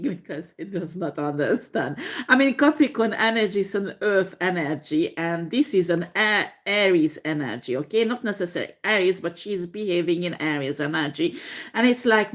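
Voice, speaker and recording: A woman giving a tarot reading, swearing freely, laughing often and filling pauses with ums and uhs. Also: medium pitch. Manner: profane, laughing, animated storytelling with frequent fillers. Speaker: tarot reader.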